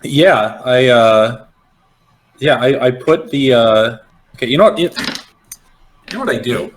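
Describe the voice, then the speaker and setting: A man's voice: medium pitch, a little slow, a little hiss or hum. A man playing a tabletop game, rambling and playful as he describes his moves. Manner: rambling, playful, restarts mid-thought. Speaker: player. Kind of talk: casual tabletop play.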